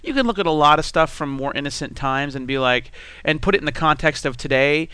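Brief: man from Texas, podcast co-host, bright and lively, rambling comic storyteller. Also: fairly high pitch, clean tone, dry recording. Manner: animated storytelling with acted-out voices. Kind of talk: casual comedic chat.

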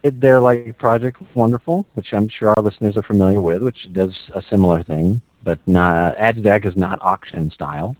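A man co-hosting a casual podcast chat, jokey and quick to laugh. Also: lowish voice, darkish tone, no room sound, muffled recording. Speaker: podcast co-host.

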